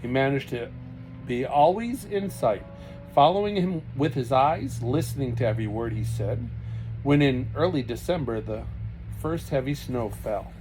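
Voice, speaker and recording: A man's voice: mid-range voice, expressive, moderate pace, darkish tone, faint music behind, poor audio. Man reading a storybook aloud. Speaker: reader. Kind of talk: reading a children's novel aloud.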